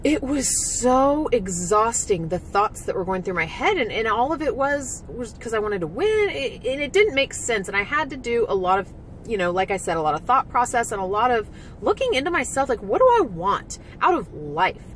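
A woman's voice: on the high side, big pitch swings, moderate pace, slight background noise, low-quality recording. A woman vlogging candidly about competing, emotional and frank, swearing now and then and leaning on lots of "like" fillers. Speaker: vlogger and former physique competitor. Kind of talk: candid personal vlog.

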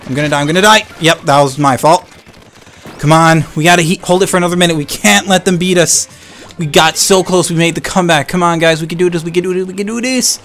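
A young man calls out his online match as he plays, his voice sitting a little high for a man. He bounces between cheering his team on and venting about losing, with faint music underneath. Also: quick pace. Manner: excitable, swings between hype and frustrated ranting. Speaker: gaming channel host. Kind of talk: live gameplay commentary.

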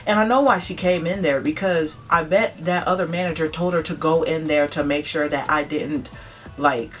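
With soft background music, this young woman's storytime vlog moves at normal speed in a low-sitting voice. Chatty and lively, she performs other people's dialogue and sprinkles in plenty of "like" and "blah blah blah."

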